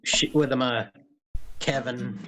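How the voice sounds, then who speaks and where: A man's voice: mid-range voice, steady tone, measured pace, fairly bright tone. Male player, hesitant, filler-heavy delivery. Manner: hesitant, lots of ums. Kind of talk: casual chat at a game table.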